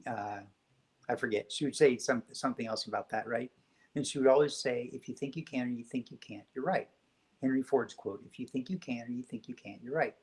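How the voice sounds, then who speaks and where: Appearing as a guest on a spiritual talk show, a man tells stories in a gentle, reflective way. His mid-range voice moves briskly, and the audio quality is poor.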